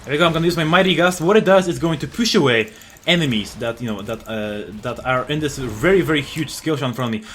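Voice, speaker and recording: This gamer's voice sits a little high, and he talks fast with few pauses while commentating live on his own play. He breaks down his moves, gets worked up, curses enemies, and keeps restarting and using fillers. There's slight background noise.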